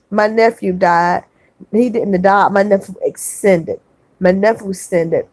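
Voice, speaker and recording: A woman hosting a livestream, reading chat comments aloud and gently consoling viewers, often repeating her words. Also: mid-range voice, a little slow, dry recording. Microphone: phone.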